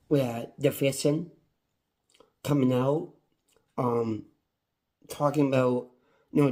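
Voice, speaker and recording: A man's voice: medium pitch, mellow. A man reviewing a wrestling show on his own, in a passionate, repetitive rant. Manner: impassioned, ranting, repetitive. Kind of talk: casual solo review.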